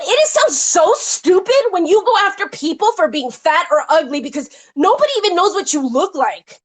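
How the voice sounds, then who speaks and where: On her live stream, a woman launches into an angry rant about a rival, her very high-pitched voice expressive as she swears heavily. The complaints come in a heated, profane, rapid-fire stream.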